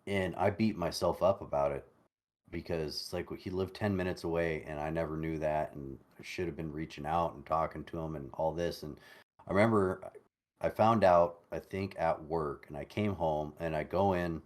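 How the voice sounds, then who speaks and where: Podcast guest: man, late 30s, with a very low, deep voice. His talk is thoughtful, halting and full of restarts. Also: darkish tone. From United States. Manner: reflective, halting, repeats words while searching. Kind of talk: casual conversation over a call.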